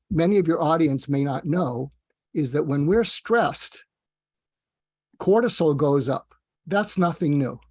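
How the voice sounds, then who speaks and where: A man's voice: a little high, a little mellow, no echo, clean studio sound. Rambling, self-deprecating male guest. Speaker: guest, psychiatrist. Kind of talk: casual interview talk.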